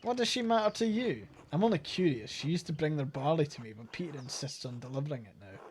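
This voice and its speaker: A Scottish man voicing a pompous, proud male miller who talks down to people in a slow, drawn-out way. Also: a little high, animated, a little hiss or hum, lightly acted. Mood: haughty. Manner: haughty, condescending, slow and drawn out.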